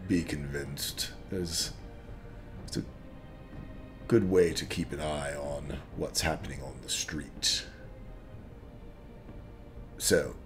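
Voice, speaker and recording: A man doing a sly low half-orc. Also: heavily acted. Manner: wry, haggling, quietly suspicious. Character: watchful sly male half-orc lurking in a tavern.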